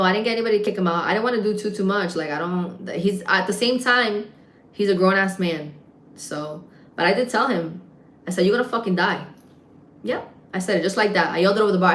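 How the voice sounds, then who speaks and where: A woman livestreaming, telling a story in a casual, animated way, swearing often and acting out the voices of other people. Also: mid-range voice. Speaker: livestreamer and gym content creator. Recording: echoey room.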